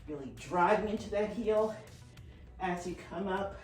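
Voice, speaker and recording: Counting reps and cueing form, a middle-aged woman fitness instructor speaks in a mid-range, a little mellow voice at a measured pace. She's encouraging but slightly breathless from the dumbbell workout, and the recording is distant and roomy with faint music.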